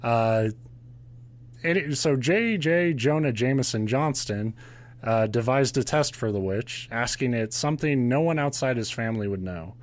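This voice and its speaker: A male podcast host telling a ghost story in loose, casual chat. He is openly sarcastic and swears freely, breaking off to laugh at how absurd the story is. His pitch sits in an ordinary middle range for a man. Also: moderate pace, dry recording. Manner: sarcastic, profane, laughs often.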